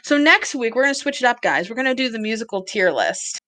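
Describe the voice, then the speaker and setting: A woman's voice: a little high, big pitch swings, fast talker, bright, forceful tone, no room sound. A woman co-hosting a casual podcast, chatty and laughing often as she plans upcoming episodes. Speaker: podcast co-host. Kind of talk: casual chat.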